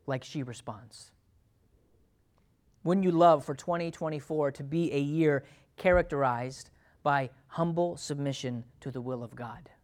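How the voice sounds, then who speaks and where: A pastor preaches a sermon to his church in a voice on the high side, swinging between loud, emphatic passages and hushed, intimate asides.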